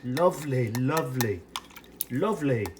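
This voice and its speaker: Lively put-on British accent, chatty. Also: mid-range voice, unhurried, noisy background. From United States. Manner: chatty running commentary while preparing and tasting food. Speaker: ration reviewer. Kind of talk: casual food review vlog.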